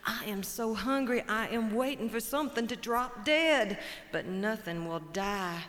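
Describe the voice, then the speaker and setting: Cajun lady as a sad old buzzard, slow pitiful drawl, echoey hall. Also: fairly high pitch, fairly bright tone. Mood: mournful, patient. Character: patient, mournful old male buzzard. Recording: long hall reverb on stage.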